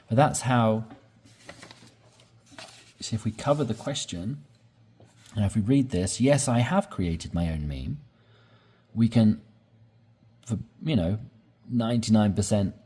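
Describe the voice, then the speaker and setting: A man's voice: low voice, warm tone, a little hiss or hum. A man teaching English conversation, explaining sentence structure step by step and often checking in with "right?".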